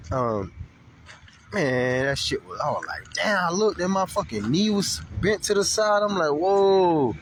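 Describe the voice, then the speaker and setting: A man giving a casual, profane video update, telling stories in a loose, animated way. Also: on the high side, unhurried, a little hiss or hum. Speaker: vlogger. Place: Florida.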